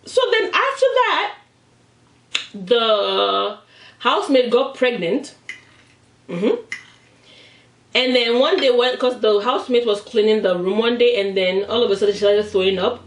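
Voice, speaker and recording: A woman's voice: medium pitch, a little slow, long pauses. Nigerian woman telling a dramatic story. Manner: animated, dramatic retelling, acts out voices. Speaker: vlogger. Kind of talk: storytime chat while eating. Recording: roomy, mic at a distance.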